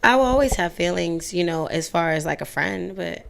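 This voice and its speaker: A woman's voice: on the low side, expressive, moderate pace, gravelly. A young woman as an interview guest, chatting candidly and telling stories, sometimes slipping into playful voices. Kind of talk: casual interview chat.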